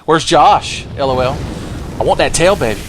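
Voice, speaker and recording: A man's voice: mid-range voice, lively intonation, fast talker, a little hiss or hum. A man giving crude, joking let's-play commentary while gaming, slipping into silly voices for game characters. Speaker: gameplay commentator.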